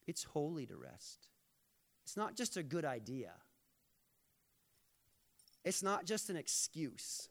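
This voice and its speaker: A man's voice: medium pitch, expressive, a little slow, creaky. A man preaching a sermon as a pastor, conversational and playful, and earnest in places.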